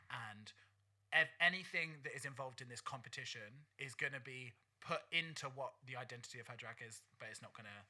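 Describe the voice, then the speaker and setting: Gushing man with a very bright voice. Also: medium pitch. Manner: gushing, campy, quick asides. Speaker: podcast co-host. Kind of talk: casual chat. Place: studio.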